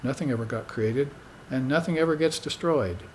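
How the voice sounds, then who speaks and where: A man giving a spiritual dharma talk to students in an unhurried, conversational way, often tagging his points with "you see". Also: mid-range voice, a little hiss or hum. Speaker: spiritual teacher.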